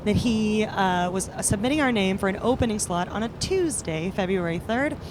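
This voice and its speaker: A woman in a moving van, telling a story in an upbeat, filler-laden way at a mid pitch. Clear road rumble runs under her voice throughout. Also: lively intonation, normal speed. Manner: chatty, upbeat, with frequent fillers. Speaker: podcast host and band member. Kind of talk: casual storytelling chat.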